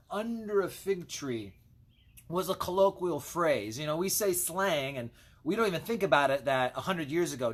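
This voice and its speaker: A man's voice: a little high, fairly bright tone. A man as a pastor, giving a casual Bible devotional with chatty asides while he reads scripture.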